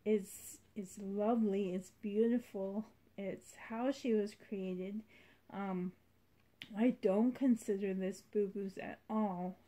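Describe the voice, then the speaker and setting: A woman's voice: mid-range voice, steady tone, takes it slowly. A woman vlogging about her doll collection in a rambling, heartfelt way. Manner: rambling, heartfelt, soft-spoken. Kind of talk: casual vlog chat.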